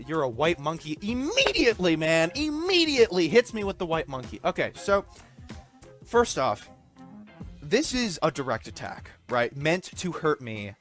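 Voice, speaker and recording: A man's voice: mid-range voice, fairly bright tone. A man commenting over gameplay footage, ranting bluntly, swearing freely and explaining himself at length. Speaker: gaming video creator.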